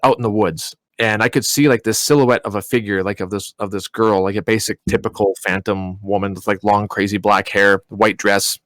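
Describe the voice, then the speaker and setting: A young man, a podcast co-host, telling a story in a casual, animated way, swearing and laughing as he goes. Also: on the low side, brisk, few pauses, dry recording.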